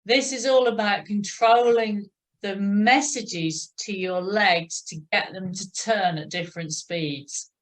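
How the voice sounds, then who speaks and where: A woman instructor guides an indoor cycling session. She talks at a slow, measured pace with a mid-range voice. She encourages her riders and counts out a rhythmic tick-tock beat. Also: mid-range voice. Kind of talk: coaching an exercise class.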